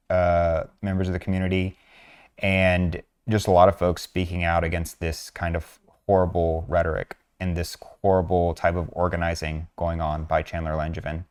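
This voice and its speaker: A man walking through social media posts in an earnest, measured way, pausing with frequent fillers. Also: deep voice, clear, resonant tone. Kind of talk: narrated screen walkthrough.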